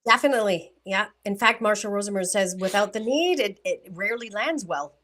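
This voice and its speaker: A woman's voice: mid-range voice, expressive, brisk, fairly bright tone. A woman co-hosting a relationship podcast, speaking thoughtfully and asking clarifying questions in casual talk. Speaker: podcast co-host.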